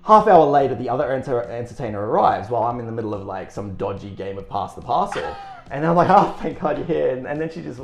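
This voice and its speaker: A man's voice: medium pitch, animated, fast talker, vocal fry, reverberant. Rambling man in his thirties. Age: 30s. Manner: rambling, self-deprecating, frequent restarts and swearing. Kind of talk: casual storytelling.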